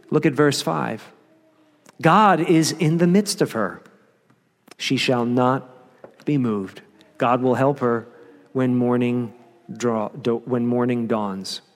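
A man preaching a sermon with emphasis. He slows down and drops low on key phrases. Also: long reverb tail. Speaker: pastor.

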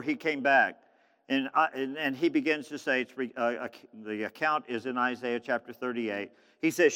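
Bright-voiced preacher in a reverberant hall. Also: male voice. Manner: swings from quiet, low passages to loud, high-pitched preaching. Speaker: pastor. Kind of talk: sermon.

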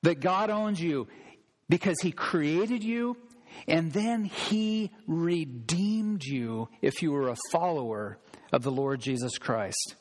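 A man preaching a sermon as pastor, emphatic, slowing down to stress key phrases. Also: on the high side, long reverb tail.

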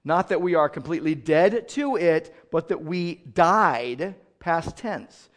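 A man preaching a sermon as pastor, swinging from loud outrage to quiet explanation. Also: on the high side, expressive, slow.

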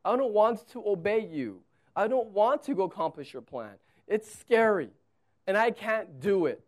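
A preacher acting out a whiny reluctant prophet. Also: male voice, high voice, lively intonation, moderate pace, pitched above the performer's own voice. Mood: protesting. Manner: pleading, exasperated. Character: reluctant grown male prophet, full of excuses.

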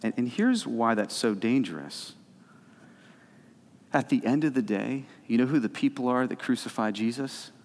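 A man preaching a sermon as pastor, animated and emphatic, swinging between loud stretches and soft, low ones. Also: moderate pace. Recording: reverberant hall.

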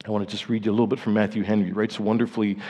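A pastor preaching a sermon, his voice dropping to grave, hushed lows and then climbing to emphatic, rising peaks. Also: level tone, rapid-fire, slightly rough, long reverb tail.

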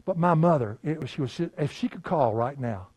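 Folksy older preacher. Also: male voice, fairly high pitch, expressive, fairly quick, breathy edge, no echo. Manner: folksy storytelling, laughing, swings from loud to hushed. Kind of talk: sermon with personal stories.

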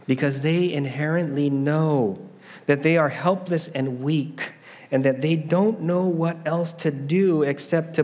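A man's voice: on the high side, darkish tone. Earnest male pastor in a reverberant hall. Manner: earnest storytelling with rhetorical questions. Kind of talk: sermon.

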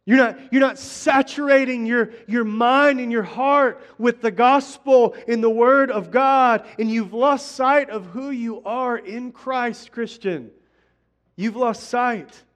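A man's voice: very high-pitched, slow pace, few pauses, a bit bright. A middle-aged male pastor preaching a sermon in a conversational way, often restarting phrases and speaking straight to the congregation. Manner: conversational preaching, frequent restarts and direct address.

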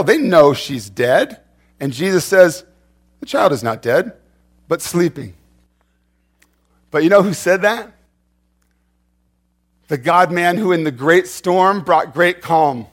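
A man preaching a sermon in a conversational way, often repeating words and restarting. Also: high-pitched. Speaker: pastor.

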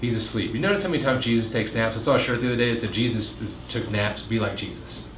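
A pastor giving a casual midweek Bible teaching, chatting with jokes and asides and acting out quoted lines in a raised voice. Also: male voice, fast, a bit bright. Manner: conversational, jokes and asides, acts out quotes with rising pitch. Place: meeting room. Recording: roomy echo, faint room noise.

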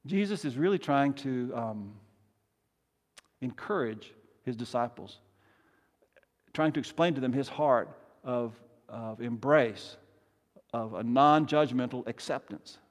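A man preaching a sermon as pastor, emphatic and swinging from soft to loud, leading his congregation in call-and-response. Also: mid-range voice, slow, pauses often. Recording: long reverb of a large hall.

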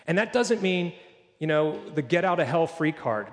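Male pastor, slightly high voice, earnest sermon delivery, church reverb. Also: lively intonation. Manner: earnest preaching, slows for quoted scripture.

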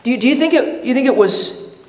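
High-voiced pastor in an echoey hall. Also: male voice, lively intonation, fairly quick, darkish tone. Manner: earnest, questioning, repeats words when restarting. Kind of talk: sermon.

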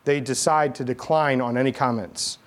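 A man preaching a sermon as pastor, telling stories in a casual, animated, conversational way. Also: medium pitch, normal speed. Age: adult, army veteran.

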